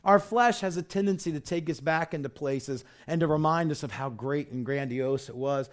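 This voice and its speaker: A man's voice: a little high, moderate pace. A man preaching a sermon in a conversational way, full of rhetorical questions, restarts and "you know". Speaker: pastor.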